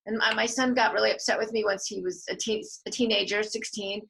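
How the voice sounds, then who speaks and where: A woman's voice: medium pitch, brisk, gravelly, slight background noise, poor audio. A middle-aged woman, a filmmaker and mother, speaking earnestly as a guest in a conversational interview. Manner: earnest, animated when quoting others.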